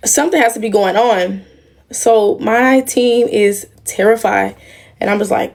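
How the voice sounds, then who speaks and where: A woman's voice: medium pitch, steady tone, moderate pace, vocal fry, darkish tone. A young woman on a casual livestream, talking emotionally and in a rambling way straight to her viewers. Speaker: livestream host.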